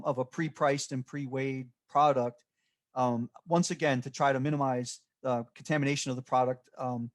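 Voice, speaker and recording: A man giving a recorded slide presentation, speaking off the cuff and halting often with fillers and restarts. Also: medium pitch. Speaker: extension presenter.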